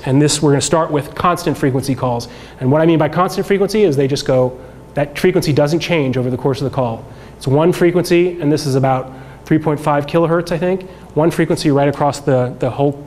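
A man teaching a workshop class, talking through slides in a relaxed, conversational way with many fillers and restarts. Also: on the high side, a little hiss or hum. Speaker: workshop instructor. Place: lecture room.

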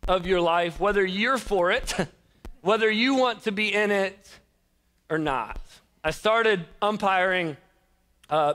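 A young man preaching a conversational sermon, telling stories with a self-deprecating, laughing, animated delivery. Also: sits high. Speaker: pastor.

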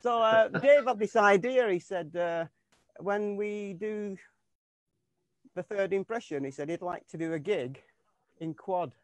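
Over a video call, a tribute band keyboardist gives a casual interview in a high-pitched, unhurried voice with no room sound. His answers ramble, with frequent restarts and lots of fillers.

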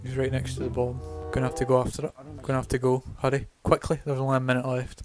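A young man giving quick, hushed callouts to his team, his voice sitting at a middle pitch. Faint game music plays behind him. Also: completely flat delivery. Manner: urgent quiet callouts. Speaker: gamer. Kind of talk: casual gaming chat with friends.

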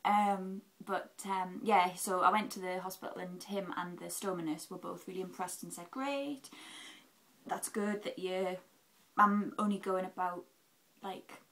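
A young English woman posts a chatty, candid vlog update on her recovery, packed with "um"s and acted-out quotes. Her voice is fairly low, level and a bit bright at normal speed. The recording is rough.

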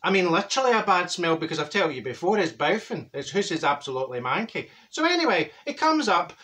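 A man's voice: high-pitched, big pitch swings, fast talker, pushed and bright, full character voice. Man doing a chatty older Glasgow woman, Glaswegian Scottish accent, gossipy, laughing, comic monologue. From Glasgow, Scotland. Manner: gossipy, cheeky storytelling with frequent laughs. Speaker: comedy character host.

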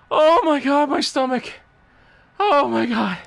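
A man streaming a horror game, reacting with loud laughing and swearing outbursts. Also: very high voice, slow pace, gravelly, no echo. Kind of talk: excited gameplay commentary.

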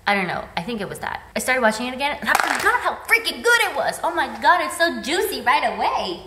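A woman's voice: high voice, big pitch swings, fast talker, background noise. A woman vlogging casually to camera at home, chatty and bubbly, with lots of filler words. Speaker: vlogger and mom. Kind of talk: casual vlog chat to camera. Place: at home in a playroom.

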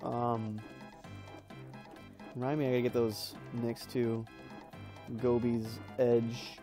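A man's voice: medium pitch, little pitch movement, slow pace, dark tone, soft background music. A young man casually commenting while playing a video game, rambling and laughing through stories with lots of fillers. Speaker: let's play host.

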